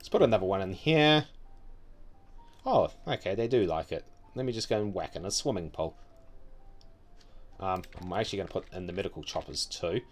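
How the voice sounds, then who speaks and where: A low-pitched New Zealand man talks himself through a city-building game in a wry, offhand mutter. Soft music hums faintly underneath, along with the clack of his keyboard. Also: expressive, brisk, pauses often. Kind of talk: casual gameplay commentary.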